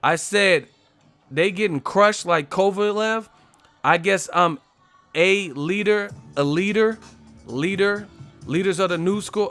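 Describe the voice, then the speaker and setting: A man's voice: medium pitch, a bit bright. A man hosting a casual live stream, playfully rapping his own bars and laughing at them.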